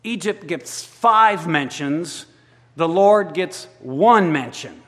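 A man's voice: fairly high pitch, expressive, takes it slowly, a bit bright. A man preaching a sermon, reading scripture aloud and commenting on it with pointed rhetorical questions. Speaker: pastor. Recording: long reverb of a large hall.

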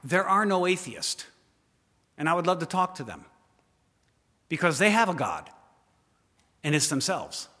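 A man preaching a dramatic sermon with a bright, forceful tone. He fires questions at his listeners and drops to a hush for effect. His voice rings with the long reverb of a large hall. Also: sits high, very animated, unhurried, long pauses. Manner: dramatic, questions the listeners directly, swings from loud to hushed.

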